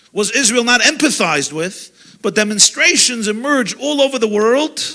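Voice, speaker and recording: A man, a rabbi, delivering an impassioned sermon, swinging from loud outbursts to hushed tones. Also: extremely high pitch, creaky. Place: lecture gathering.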